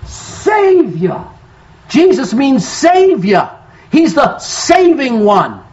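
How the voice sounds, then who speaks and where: A man's voice: very high voice, big pitch swings, extremely slow, a little mellow. A man preaching a sermon as pastor, quoting scripture with strong emphasis and calling out to his congregation for responses. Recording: dull lo-fi sound.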